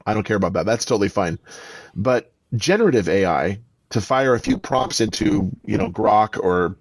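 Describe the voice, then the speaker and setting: A man's voice: lowish voice, lively intonation, moderate pace, no echo. A man who is an author and voice actor, telling stories emphatically as a podcast interview guest.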